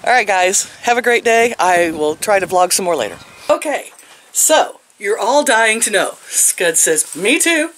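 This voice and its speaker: A woman's voice: mid-range voice, animated, unhurried. An older woman vlogging casually from outside her home on a phone camera, telling stories and laughing often. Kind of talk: casual vlog chat. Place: outdoors at home.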